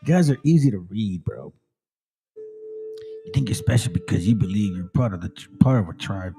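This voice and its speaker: A man in his late forties giving a profane, animated commentary as a channel host, often quoting and mocking others. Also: on the low side, moderate pace, pauses often, music in the background. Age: 40s. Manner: animated, swears a lot, mocks and quotes others. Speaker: channel host reacting to videos.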